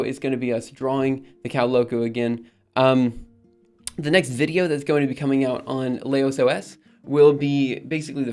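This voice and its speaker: Casual male streamer talking through plans, halting and self-correcting, soft music underneath. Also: medium pitch. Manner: thinking aloud, many ums and restarts. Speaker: streamer and project maintainer. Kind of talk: casual live-stream chat.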